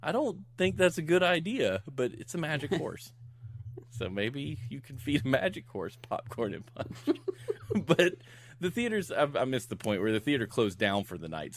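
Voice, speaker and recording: A middle-aged man recapping a movie on a podcast, laughing often and acting out the characters' lines as he goes. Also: fairly low pitch. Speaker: podcast co-host recapping a film. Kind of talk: casual chat.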